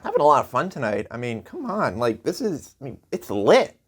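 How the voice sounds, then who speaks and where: A man's voice: mid-range voice, huge pitch swings, fairly quick, a little hiss or hum. A man hosting a late-night comedy show, delivering a sarcastic news monologue and laughing at his own jokes.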